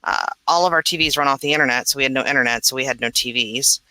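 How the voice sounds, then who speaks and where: A woman co-hosting a podcast, venting in a casual chat as an animated storyteller. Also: very deep voice, fast talker, no echo, rough recording. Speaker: podcast co-host.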